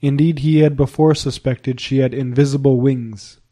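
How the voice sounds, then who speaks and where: A man narrating a period novel as an audiobook reader, in a measured, even storytelling manner. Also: mid-range voice.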